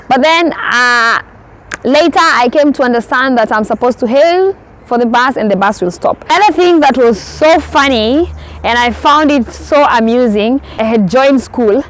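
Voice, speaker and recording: A young woman from Kenya chats to her viewers in a casual vlog. Her voice sits high, and she tells her stories with a lively manner, acting out her own past reactions as she goes. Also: moderate pace, poor audio. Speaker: vlogger.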